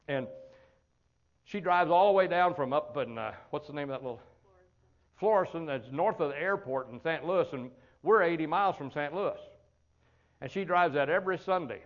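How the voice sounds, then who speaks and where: A man, preaching in a folksy storytelling way, chuckling often and repeating words as he talks. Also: on the high side. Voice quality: colloquial, chuckling, repeats words at the start of phrases. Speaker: pastor. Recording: dull lo-fi recording.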